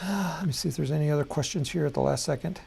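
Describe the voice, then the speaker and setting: A man hosting a live software tutorial, talking casually and thinking aloud at his computer, with frequent ums and self-corrections. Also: a little high, fast, gravelly, slightly rough. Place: at a computer desk.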